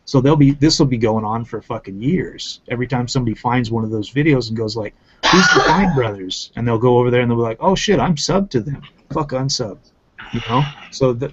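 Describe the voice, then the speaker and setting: A man's voice: medium pitch, fast talker, hardly any pauses, a little mellow, slight background noise. A man ranting in casual commentary, swearing often and repeating himself for emphasis. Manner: profane, emphatic, repetitive ranting. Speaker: channel host. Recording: muffled lo-fi audio.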